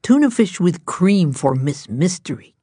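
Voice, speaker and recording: A woman's voice: fairly low pitch, sing-song, unhurried, mellow, husky, no room sound, clean studio sound, heavily acted. A woman voicing a fond man who coaxes and fusses over his cat, in a storybook reading. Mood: doting. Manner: coaxing, fond.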